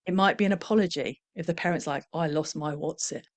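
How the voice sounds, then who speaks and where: A middle-aged woman who trains professionals in parenting speaks in a candid, reflective, conversational way, slipping into the voices of the parents and children she quotes. Her voice is on the low side and fast, in a dry recording.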